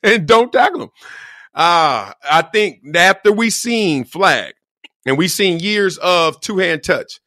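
A middle-aged male host in casual sports commentary, slangy and loose, his pitch swinging up and down a lot as he acts out other people's lines. The sound is dry and close, with almost no room. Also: slow pace, dry recording. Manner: animated, slangy, acts out quotes in voices.

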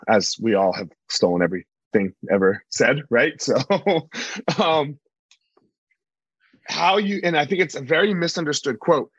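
Relaxed male podcast host, dry sound. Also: medium pitch, breathy edge, dry recording, dull audio. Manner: relaxed, affirming, repeats phrases. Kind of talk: casual interview chat. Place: hotel room.

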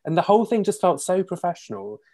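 A man's voice: high-pitched, sing-song, warm tone. A young man, a conductor, chatting as a podcast guest with easy enthusiasm. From England. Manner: quick, enthusiastic, laughing easily. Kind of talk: casual interview chat.

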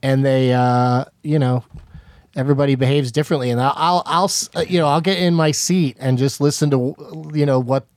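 A man's voice: mid-range voice, steady tone, fairly quick, darkish tone, no room sound. A man in casual conversation who rambles with many restarts and swears freely. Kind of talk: casual chat.

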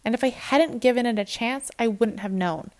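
A woman's voice: on the high side, moderate pace, darkish tone. A woman fitness and nutrition coach giving a casual motivational talk, candid and encouraging, acting out her own inner voice.

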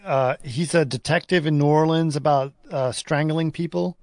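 A man's voice: on the high side, fairly even intonation, normal speed, darkish tone, no echo, studio quality. A man in casual movie chat who halts and searches for words when groping for a title.

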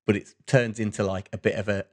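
A man's voice: fairly low pitch, flat delivery, fast, darkish tone. A man co-hosting a casual podcast chat, telling a long story with frequent restarts and fillers. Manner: rambling storyteller, many restarts and "like"s. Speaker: podcast co-host.

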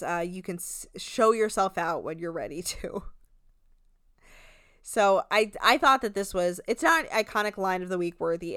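Smooth-voiced woman chatting casually. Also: on the low side, no room sound, clean studio sound. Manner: animated, quotes people, swears freely. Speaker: podcast co-host recapping a reality show. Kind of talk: casual chat.

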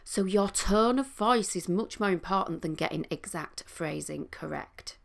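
A middle-aged woman, a coach and trained therapist, explaining listening skills in a calm, teaching manner. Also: on the low side, measured pace, gravelly. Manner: calm, explanatory, with sing-song demonstrations. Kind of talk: talking to camera, teaching.

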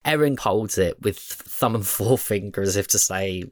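A man from Britain narrating a tabletop game as game master, measured and descriptive. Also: on the low side, no echo.

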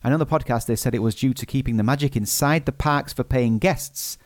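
A man's voice: mid-range voice, brisk, no room sound, studio quality. A man hosting a live podcast in casual chat, laughing often and restarting his sentences. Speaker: podcast host.

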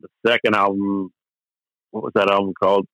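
Middle-aged male musician guest, candid and rambling, low-ish bright tense voice, dry close recording. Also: little pitch movement, fairly quick, no echo, lo-fi sound. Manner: rambling, many restarts and fillers, candid and profane. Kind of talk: casual storytelling interview.

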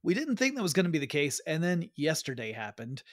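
A man co-hosting a geeky podcast in casual, jokey chat with quick asides. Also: on the high side, big pitch swings, no room sound, clean studio sound. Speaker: podcast co-host.

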